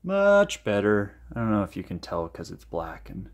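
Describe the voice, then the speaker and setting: Speaking briskly in a low, steady voice, this acrylic pouring host gives a casual demo to the camera. He sounds enthusiastic as he thinks aloud while mixing his colors.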